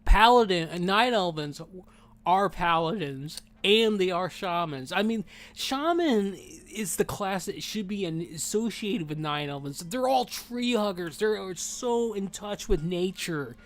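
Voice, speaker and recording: A man chatting casually while he plays a game, rambling and animated, saying dude a lot, and talking with his mouth full while he eats. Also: sits high, measured pace. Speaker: gaming streamer. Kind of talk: casual gameplay chat.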